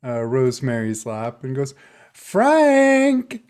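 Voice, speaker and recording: Man, game master, slow, dark tone, hesitant narration. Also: medium pitch. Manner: hesitant, many fillers.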